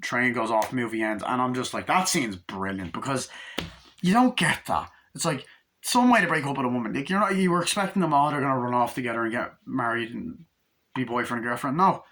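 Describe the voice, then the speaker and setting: A man's voice: mid-range voice, a little fast, fairly bright tone, a little hiss or hum. A man giving a rambling, casual film review at home, acting out lines from the movie with plenty of swearing.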